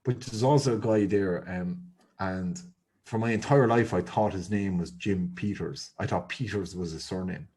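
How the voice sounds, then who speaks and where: A man's voice: sits low, normal speed, a little mellow, husky. An Irish man co-hosting a podcast, rambling through a story in casual chat. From Ireland. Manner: rambling, filler-heavy storyteller. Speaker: podcast co-host.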